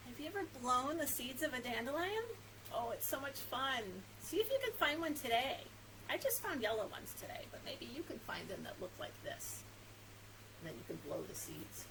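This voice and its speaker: Woman librarian, children's story time, sing-song and animated, high voice, recorded from a distance, faint background noise. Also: brisk, vocal fry.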